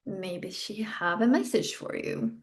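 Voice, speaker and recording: Woman coach talking you through a breathing exercise, slow, frank, swears a lot. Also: mid-range voice. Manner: intimate, frank, swears casually, with sighs and laughs. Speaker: podcast host and coach. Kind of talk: guided self-development exercise.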